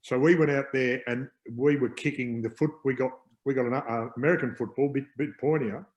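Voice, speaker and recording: Australian man, quick upbeat rambling guest on a video call, mid-pitched. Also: steady tone, a little mellow, highs cut off. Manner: rambling, upbeat, many fillers. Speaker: guest, former pro footballer. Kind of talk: casual chat on a video call.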